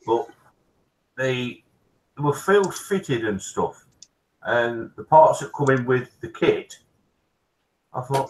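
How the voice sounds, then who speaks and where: Male co-host of a hobby stream, talks through his build with restarts and pauses. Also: mid-range voice, animated, rough recording. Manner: rambling, halting explanations with restarts. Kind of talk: casual chat.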